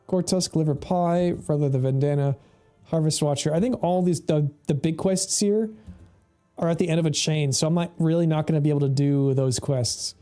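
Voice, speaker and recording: Casting: a mellow-voiced, slightly high man as a chatty, foul-mouthed game streamer. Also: steady tone, moderate pace, faint music behind. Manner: rambling, laughs often, swears freely. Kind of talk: casual gameplay commentary.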